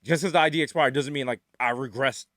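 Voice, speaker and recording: A man's voice: mid-range voice, fast talker, no room sound, clean studio sound. A man with a New York accent, co-hosting a podcast in casual comedic chat and acting out the voices in his stories. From the Bronx, New York. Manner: animated storyteller, acts out quoted voices. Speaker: podcast co-host.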